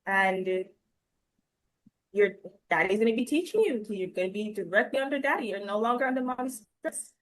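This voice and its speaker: A woman's voice: medium pitch, animated, normal speed, poor audio. A woman hosting a podcast, chatting casually, affirming her guest and sharing personal stories. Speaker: podcast host. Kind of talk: casual conversational talk.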